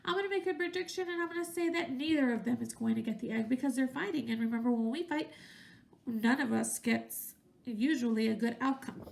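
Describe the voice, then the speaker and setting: A woman's voice: high-pitched, fairly quick, gravelly. A woman teacher reading a picture book aloud to young children, stopping to ask questions and using voices for the characters.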